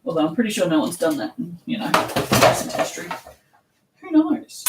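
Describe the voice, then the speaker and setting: Here the Australian soap seller talks brisk and lowish, her pitch swooping wildly as she chats on a live stream while packing orders. She reads viewer comments aloud, laughs frequently and swears without a second thought. Recorded from a distance in an echoey room, she's somewhat off mic with faint noise.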